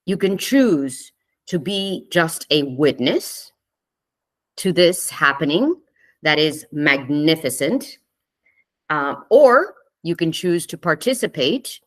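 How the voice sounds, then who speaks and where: A woman with a low voice gives a spiritual talk to an online group. She speaks gently and conversationally, checks in with her listeners often and laughs easily. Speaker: spiritual teacher hosting a live online session.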